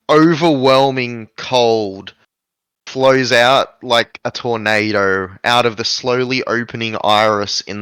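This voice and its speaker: A man's voice: mid-range voice, bright, forceful tone, clear, resonant tone, no room sound. A man narrating a tabletop game as game master, describing scenes with frequent fillers.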